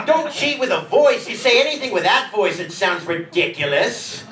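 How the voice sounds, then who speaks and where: Wry forty-year-old comic in a roomy club. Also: male voice, high voice, very animated, normal speed, hardly any pauses, a bit bright, slight background noise. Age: 40s. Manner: wry, self-mocking, acts out quoted voices. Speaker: stand-up comedian. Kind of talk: stand-up comedy set. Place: comedy club stage before a laughing crowd. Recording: roomy club audio from a distance, crowd laughter.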